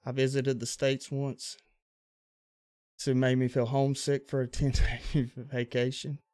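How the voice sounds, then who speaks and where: The recording is dry, with clean studio sound, and the man's medium-pitched voice is unhurried. Streaming a baseball video game, this western Louisiana livestreamer with a Louisiana accent keeps things relaxed and chatty, commenting on plays and greeting chat.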